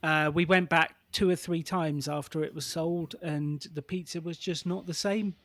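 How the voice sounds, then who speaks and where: Chatty podcast host, dry sound. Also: male voice, on the high side, little pitch movement, moderate pace, a bit bright, no echo. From England. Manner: chatty, laughs easily while telling anecdotes. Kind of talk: casual podcast conversation.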